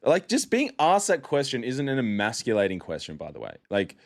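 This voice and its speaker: A man's voice: mid-range voice, wildly swooping pitch, a little fast. A young man hosting a podcast alone, chatty and mocking, often laughing as he talks. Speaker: podcast host. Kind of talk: casual solo podcast monologue.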